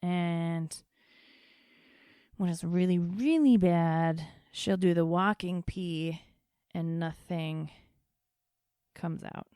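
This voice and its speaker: Woman, podcast host, casual storyteller, swears a lot, lowish voice, dry close sound. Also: drawn-out words, long pauses, warm tone, clean tone, no room sound. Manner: chatty, profane, tells stories with quoted dialogue.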